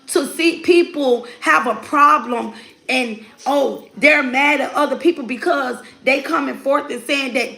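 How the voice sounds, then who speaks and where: High-voiced woman giving an earnest testimony. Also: creaky, a bit bright, roomy sound. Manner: earnest, preacher-like cadence, quotes scripture; laughs often while speaking. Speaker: mother sharing her testimony. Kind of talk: personal testimony talk.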